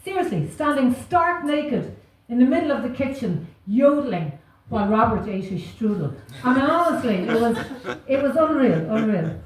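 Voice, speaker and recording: A woman's voice: fairly high pitch, very animated, normal speed, few pauses, heavy reverb, far from the mic, low-quality recording. Wry Irish woman doing stand-up. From Ireland. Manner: self-deprecating, wry, chuckles through punchlines. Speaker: stand-up comedian. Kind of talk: stand-up comedy set. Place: comedy club stage.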